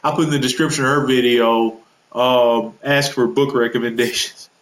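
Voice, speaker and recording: Male gaming vlogger, mid pitch, loose and rambling delivery, roomy echo. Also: steady tone, normal speed. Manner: rambling, loose, with many fillers and self-corrections. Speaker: gaming video creator. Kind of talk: casual roster walkthrough.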